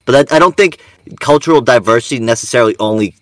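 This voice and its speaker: A man's voice: mid-range voice, quick pace, fairly bright tone, no room sound. A man from the United States chatting on a podcast, ranting with lots of profanity and fillers. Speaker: podcast co-host. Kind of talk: casual chat.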